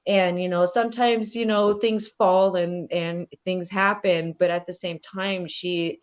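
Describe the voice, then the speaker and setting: Low-voiced woman in a muffled interview. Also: steady tone, measured pace, clean tone. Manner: thoughtful, rambling, many fillers and restarts. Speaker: podcast guest, Indigenous elder and professor. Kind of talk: casual interview conversation. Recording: dull lo-fi audio.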